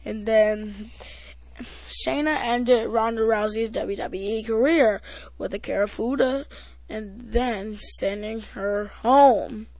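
Brief: higher-voiced woman, podcast host, rambling casual recap, dry close sound. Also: darkish tone, no echo. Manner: rambling, halting, with many restarts and fillers. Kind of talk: casual wrestling recap chat.

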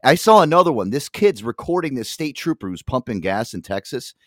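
A man's voice: mid-range voice, a little fast, no echo, clean studio sound. A man co-hosting a podcast, telling stories in casual chat with lots of swearing and acted-out quotes. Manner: animated storytelling, swears a lot, acts out quotes. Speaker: co-host.

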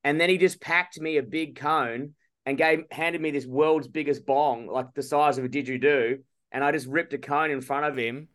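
A man's voice: on the high side, normal speed, fairly bright tone. A young Australian man co-hosting a casual podcast, telling a story with swearing and mock outrage. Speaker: podcast co-host. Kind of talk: casual chat. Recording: phone or laptop call from abroad.

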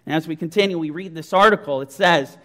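Forceful high-voiced male preacher. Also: quick pace. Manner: forceful, emphatic preaching with rhetorical questions. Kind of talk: sermon.

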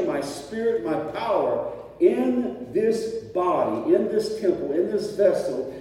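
A man's voice: sits high, warm tone, distant mic. A man preaching a sermon to his congregation in a casual, conversational way, often checking in with rhetorical questions. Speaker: pastor. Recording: echoey hall picked up from afar, faint ambience.

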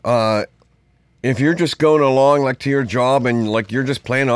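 A man hosting a podcast in a loose, rambling monologue, his voice sitting at an ordinary middle pitch. He drifts through asides in an easy, conversational way. The sound is dry and close to the mic, with no room echo. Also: normal speed, clean tone. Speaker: podcast host. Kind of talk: casual monologue.

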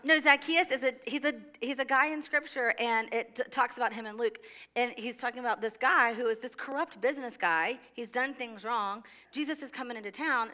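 A woman's voice: fairly high pitch, bright, forceful tone. A woman pastor preaching a sermon to a church congregation in a conversational way. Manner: conversational, laughs easily, sings a children's song. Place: church sanctuary.

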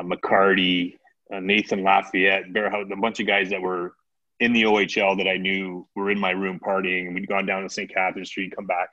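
A man's voice: low voice, highs cut off. Man telling a wild story. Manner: animated anecdote-telling with acted quotes. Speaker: podcast guest. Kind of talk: casual storytelling.

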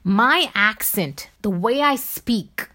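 A woman's voice: a little high, expressive, slow, pushed and bright. A woman from India with a Bombay accent, talking on her solo podcast in an insistent, emphatic way, full of "you know" fillers. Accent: Bombay Indian English. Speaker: podcast host.

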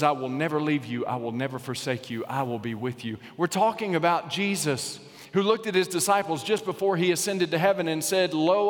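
A man preaching a sermon as pastor, swinging between loud exclamations and hushed, drawn-out lines. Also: on the high side. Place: church sanctuary. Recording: long reverb of a large church.

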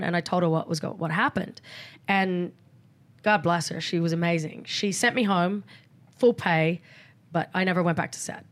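A woman's voice: on the low side, fairly quick. A middle-aged woman, a podcast guest talking candidly and acting out quoted exchanges in a casual interview.

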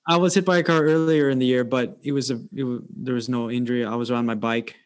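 A man's voice: mid-range voice, fairly even intonation, quick pace, smooth. A man as a podcast guest, telling a personal story in a casual, rambling way with many restarts. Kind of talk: casual chat.

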